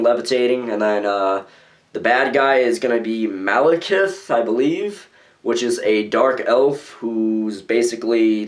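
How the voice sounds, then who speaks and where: A young man from the United States rambling casually in his own video blog, with loose phrasing and lots of fillers. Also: mid-range voice. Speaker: vlogger. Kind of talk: casual vlog commentary.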